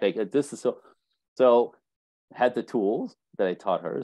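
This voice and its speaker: With a mid-range voice at a moderate pace, this man offers relationship advice as a guest coach in a casual interview. He tells stories with animation, playing out the quotes in small scenes, on a rough recording with no echo.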